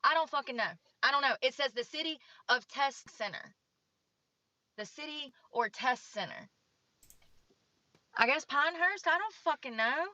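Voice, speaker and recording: A woman's voice: sits high, lively intonation, moderate pace, pauses often, pushed and bright, dull audio, slight background noise. A woman streamer talking casually while filling out a form, frustrated and swearing a lot, muttering to herself. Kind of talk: casual rambling stream talk.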